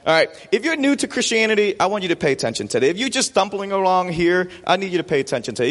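A man preaching a sermon as pastor, animated and full of rhetorical questions. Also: high-pitched, in a large hall.

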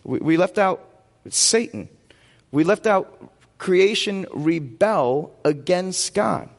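High-voiced preacher in a reverberant hall. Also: male voice, expressive, slow pace. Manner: preaching with call-and-response questions to the congregation. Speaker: pastor. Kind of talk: sermon.

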